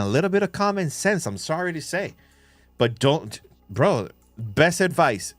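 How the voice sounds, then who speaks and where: A man hosts a casual livestream from his phone, his voice sitting a little high for a man. He talks excitably, swears freely and fires off quick shout-outs to viewers. The sound is dry and close, with faint music underneath. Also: dry recording. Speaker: crypto livestream host.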